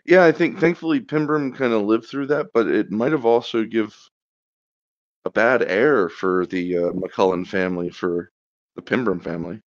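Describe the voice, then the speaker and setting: A man's voice: fairly low pitch, normal speed, dry recording. A man, the game master, casually recapping a tabletop game and checking details with his players. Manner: easygoing, laughs and checks facts with the players. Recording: slightly muffled dry recording.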